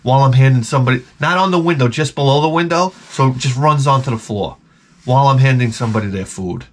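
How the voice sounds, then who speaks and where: A man's voice: mid-range voice, fast talker. A man vlogging in a rambling, profane monologue, swearing often and breaking into mouth sound effects. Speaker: retro gaming vlogger.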